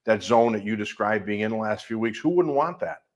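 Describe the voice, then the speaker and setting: A middle-aged man with a Midwestern American accent speaks as a life coach on a coaching call, using a lowish voice with lively intonation and a brisk pace. He talks emphatically and piles up long, repeated lists.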